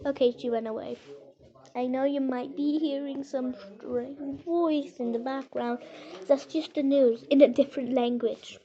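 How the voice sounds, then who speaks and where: A woman chatting casually over gameplay, rambling and halting with lots of fillers. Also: high voice, steady tone, highs cut off, noisy background. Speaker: game vlogger.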